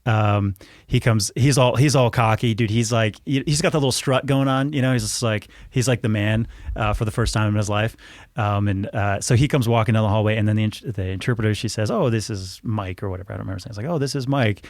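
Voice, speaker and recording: Guy in his 30s rambling thru a story, keeps restarting himself, talks fast, dry mic. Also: on the low side, fairly even intonation, dry recording. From United States. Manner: rambling, frequent restarts and self-corrections. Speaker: podcast guest. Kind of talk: casual storytelling.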